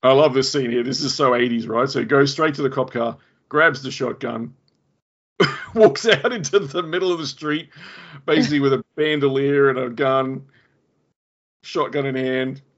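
An Australian man hosts a relaxed podcast movie review. He recounts scenes with enthusiasm and often laughs. His voice has a gravelly edge and sounds a little muffled on his home mic. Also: mid-range voice, moderate pace. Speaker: podcast host. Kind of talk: casual movie review chat.

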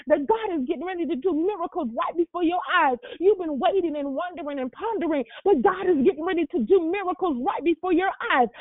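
Fervent high-voiced woman preacher. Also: dry recording. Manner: fervent, rhythmic preaching with repetition. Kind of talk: sermon. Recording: dry, tinny phone-like sound.

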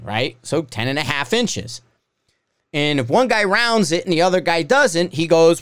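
A man's voice: high voice, animated, normal speed, fairly bright tone, smooth, dry recording, clean studio sound. A man hosting a podcast as a shooting instructor, ranting in a casual, exasperated, profane way and mocking others in put-on voices.

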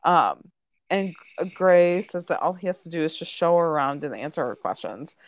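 Woman podcast host, casual recap chat, filler-heavy delivery, animated intonation, dry mic. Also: fairly low pitch, normal speed, no room sound. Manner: chatty, full of "like" and "um" fillers.

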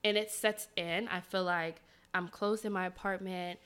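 A woman hosting a podcast, casually telling a personal story in an animated, dramatic way and speaking directly to her listeners. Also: fairly low pitch, moderate pace, smooth. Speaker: podcast host.

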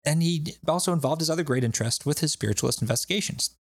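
A man's voice: a little high, rapid-fire, dry recording, studio quality. A man hosting a podcast, telling stories in a loose, laughing way with plenty of swearing. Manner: laughing, profane, loose storytelling. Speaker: podcast host. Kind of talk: casual chat.

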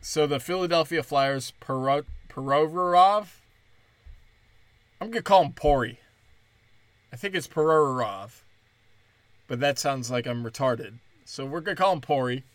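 A man's voice: mid-range voice, unhurried, long pauses, no room sound. A man hosting a podcast and delivering a sarcastic, profane, mocking comedic rant.

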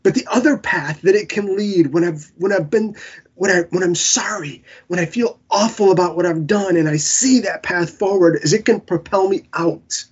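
A man preaching an earnest Bible-teaching sermon, halting and restarting often, and audibly emotional. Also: sits high, husky, lo-fi sound.

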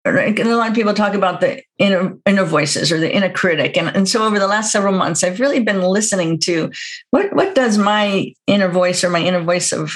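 A woman speaks as a podcast guest in an easy, conversational way. Her voice sits at a middle pitch, and her delivery is reflective and gentle, with soft laughter running through it. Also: brisk.

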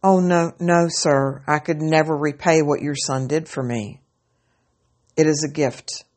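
A woman's voice: low-pitched, steady tone, a little slow, a little mellow. A woman voicing a humble young male soldier who speaks modestly and earnestly.

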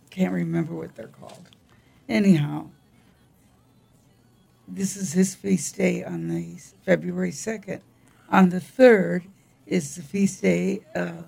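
An older woman co-hosting a casual chat about the week's feast days, with a gravelly voice and frequent throat clearing, speaking in a wry, halting way. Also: lowish voice, mellow. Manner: unhurried, wry, halting reading. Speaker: co-host.

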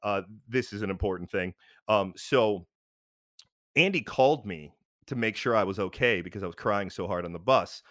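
Brief: low-voiced man, frank rambling storyteller, dry close sound, lots of ums. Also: normal speed, a bit bright, no echo. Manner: rambling, frank, many fillers and restarts. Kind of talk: casual chat, personal storytelling.

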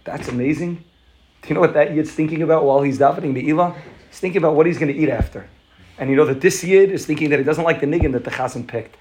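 A man gives a fervent Hasidic farbrengen talk. He speaks rapidly in a slightly raised pitch, often repeating and restarting phrases as the story pours out. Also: darkish tone. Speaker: rabbi giving a talk.

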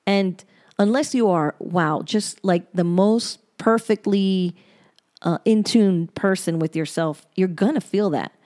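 A woman's voice: medium pitch, takes it slowly, darkish tone. A woman hosting her own podcast, reading her old journal aloud and reflecting on it in a candid way, with some blunt swearing. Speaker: podcast host.

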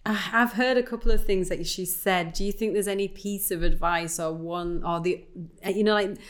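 A woman hosting an interview, asking questions and giving encouraging, soft affirmations. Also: mid-range voice, steady tone, normal speed. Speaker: podcast host.

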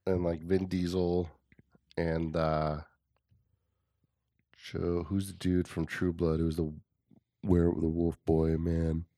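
A man in his thirties hosting a podcast, chatting casually and telling stories in an animated way. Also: deep voice, slow pace, pauses often, no room sound, studio quality. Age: 30s. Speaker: podcast host. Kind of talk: casual chat.

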